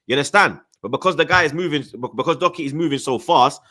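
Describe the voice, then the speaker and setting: A man's voice: on the high side, fast talker, pushed and bright. A young man with a London multicultural accent, hosting a heated football chat, ranting with heavy slang and stuttering when angry. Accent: London multicultural English. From Jamaican heritage, London. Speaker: football podcast host.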